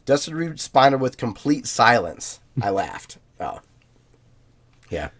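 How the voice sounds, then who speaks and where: A man of middle pitch co-hosts a casual podcast. He reads listener emails aloud in a loose, easygoing way. He leans on fillers and laughs often. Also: takes it slowly. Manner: relaxed, filler-heavy, laughs easily. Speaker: podcast co-host.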